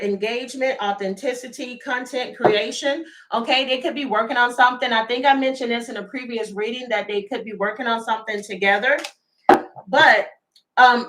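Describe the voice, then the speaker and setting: A woman's voice: a little high, fairly bright tone, a little hiss or hum, low-quality recording. A woman doing a casual live tarot reading, chatty and laughing, talking straight to her viewers. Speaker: tarot reader.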